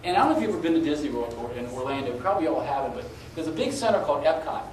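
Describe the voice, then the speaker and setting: A middle-aged man speaking at a conference tells an animated anecdote, laughing at his own story as he talks very fast in a slightly high voice. He was taped from a distance in an echoey live hall, with noise around him.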